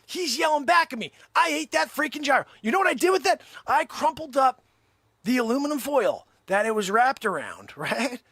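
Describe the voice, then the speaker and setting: Bright, lively comic male host. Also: very high voice, moderate pace, breathy edge, no echo, clean studio sound. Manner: animated, exaggerated storytelling. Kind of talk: comic monologue.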